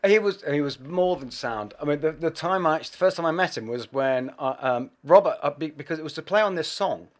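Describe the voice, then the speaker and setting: A middle-aged man with an English accent tells tales from his music career in a relaxed interview. His voice sits a little high for a man and swings widely in pitch, and laughter slips in between phrases. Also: brisk, hardly any pauses. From England. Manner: animated anecdotal storytelling, laughing between phrases. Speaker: bass player guest. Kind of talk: casual interview storytelling.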